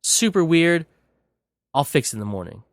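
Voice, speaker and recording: A man's voice: on the high side, sing-song, normal speed, no room sound, pitched above the performer's own voice. Man putting on a breezy android double of a young guy, bro slang, dry close sound. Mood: casual. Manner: casual slangy bro talk. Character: laid-back young male android double, chummy.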